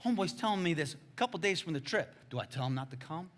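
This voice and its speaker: A man preaching with a bright, forceful edge to his slightly high voice. He tells his story in loose, slangy talk, jumping from loud bursts to quiet, hushed asides. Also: quick pace. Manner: animated, swings between loud exclaims and hushed asides. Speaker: pastor. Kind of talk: sermon storytelling.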